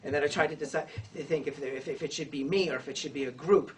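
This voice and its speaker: Woman rambling through a story, lots of restarts, sounds far off the mic, faint hum. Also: sits low. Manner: rambling, halting, with many restarts and laughter. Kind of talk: personal storytelling. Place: room with people.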